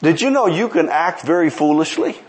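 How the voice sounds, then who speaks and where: A man's voice: on the high side, a little fast. A man preaching a sermon, telling a story and pressing the listeners with rhetorical questions. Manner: animated, rhetorical questions, pleading.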